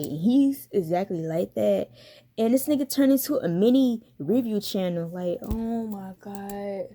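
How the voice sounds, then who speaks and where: A woman's voice: mid-range voice, mellow. A young woman giving a casual commentary vlog as a YouTuber, talking bluntly with lots of profanity, slang and laughter.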